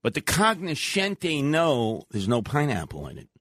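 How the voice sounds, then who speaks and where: An older man, co-hosting a talk radio show and telling loud, blustery stories in which he acts out his own shouting. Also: a little high, wildly swooping pitch, measured pace, no echo, clean studio sound. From Brooklyn, New York. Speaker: radio co-host. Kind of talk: animated storytelling.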